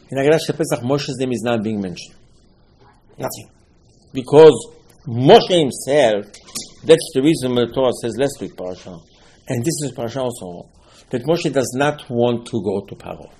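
A man's voice: medium pitch, a little mellow, slightly rough. A man giving a Torah lesson, asking rhetorical questions and mixing Hebrew terms into his English. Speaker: rabbi teaching a Torah class.

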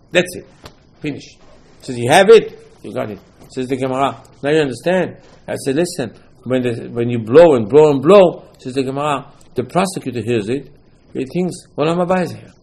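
A man's voice: medium pitch, darkish tone. A man teaching Torah in a sermon, emphatic, repeating phrases and speaking English in non-native phrasing. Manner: emphatic, repeats phrases, quotes texts in dialogue.

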